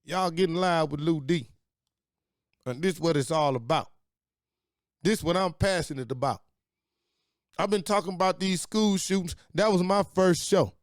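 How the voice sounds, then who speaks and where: A man's voice: on the high side, moderate pace, long pauses, no echo, clean studio sound. A man in his late forties hosting his own talk show, delivering an angry, profane, preachy monologue. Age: late 40s. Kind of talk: impassioned monologue.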